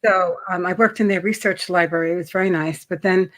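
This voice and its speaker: A middle-aged woman from New York with a New York accent, a guest chatting casually about credit, often pausing with ums and clearing her throat. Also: lowish voice, fairly even intonation. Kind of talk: casual interview chat.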